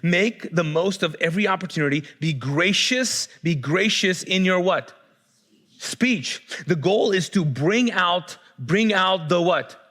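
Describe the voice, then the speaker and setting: A male pastor with a high, fairly bright voice preaches a sermon conversationally, frequently restarting his sentences as his fervor builds.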